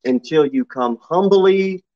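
Pastor preaching a sermon. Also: male voice, takes it slowly. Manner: preaches with sudden loud high-pitched mock quotes. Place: church sanctuary. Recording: slightly dull lo-fi sermon recording.

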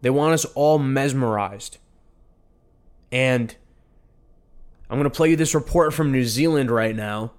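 A man with a fairly high voice hosts a podcast and delivers heated commentary. He slips into a mocking, sarcastic tone and repeats phrases over and over for effect. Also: clean tone. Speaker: podcast host. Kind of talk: opinionated commentary.

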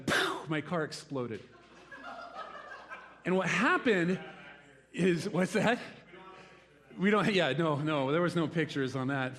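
Before a congregation in a church hall, a pastor in his forties from the rural United States preaches with a fairly high pitch. He tells an animated story from his country youth with loud exclamations, then turns hushed and reflective.

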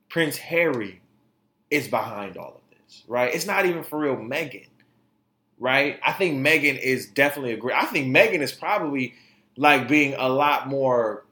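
A man hosting a podcast, riffing on celebrity gossip in a loose, slangy way and laughing as he talks. His voice sits at an ordinary middle pitch. The recording carries a noticeable room echo. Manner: animated, joking, laughs often, slang-heavy. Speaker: podcast host. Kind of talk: casual opinion commentary on celebrity news. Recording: echoey room.

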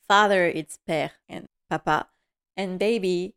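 A woman's voice: on the low side, slow, clean tone. Chatty woman recapping episodes. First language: French. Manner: chatty, retells scenes and quotes characters. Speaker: podcast host. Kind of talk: casual episode recap and commentary.

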